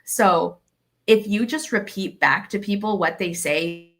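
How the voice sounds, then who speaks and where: A woman's voice: medium pitch, measured pace. A young adult woman from Arkansas, a comedian guest in an interview, animatedly acting out both sides of the conversations she describes. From Arkansas, USA. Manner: animated, acts out both sides of quoted dialogue.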